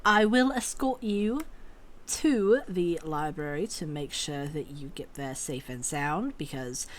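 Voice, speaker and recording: A woman's voice: sits low, expressive, slight background noise. A woman voicing a cheeky young man with a British accent in a tabletop game. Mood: brisk. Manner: brisk, cheeky.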